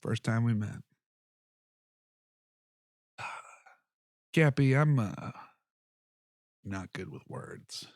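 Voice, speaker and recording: A man voicing a quiet, awkward male mentor who speaks softly and haltingly. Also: medium pitch, animated, dry recording, clean studio sound. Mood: tender. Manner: soft-spoken, halting, gentle.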